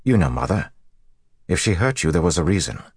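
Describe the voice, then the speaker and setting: A man's voice: low-pitched, big pitch swings, a little fast, slightly rough, no echo, studio quality, voice pushed up, exaggerated voice. A man voicing a proud, hot-tempered young prince who speaks tensely and defiantly. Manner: tense, defiant, raising his voice.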